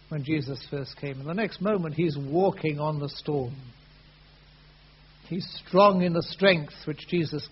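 A man preaching a sermon, earnest, rising loud and then falling soft. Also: a little high, breathy edge. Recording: dull lo-fi sound with faint hum.

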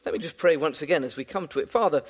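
A man's voice: fairly high pitch, very fast, husky. A man preaching a sermon, earnest and often repeating words as he builds a point. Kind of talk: sermon with prayer and storytelling.

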